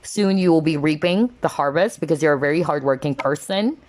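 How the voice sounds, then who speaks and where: A woman's voice: low voice, brisk. A woman giving a casual tarot card reading to her viewers, earnest and emotional, talking with lots of fillers like "kind of, like" and "you know.". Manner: earnest, emotional, openly moved.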